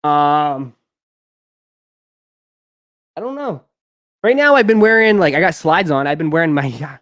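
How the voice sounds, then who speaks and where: A man's voice: a little high, lively intonation, measured pace, fairly bright tone, no echo, clean studio sound. A young man hosting a live stream, chatting casually and telling a long rambling story with lots of fillers. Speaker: sneaker live stream host.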